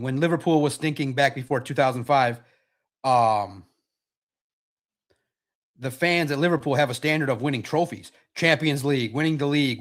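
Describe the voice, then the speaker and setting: A man hosting a sports podcast live stream, chatting casually in an animated, repetitive way with frequent restarts. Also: on the high side.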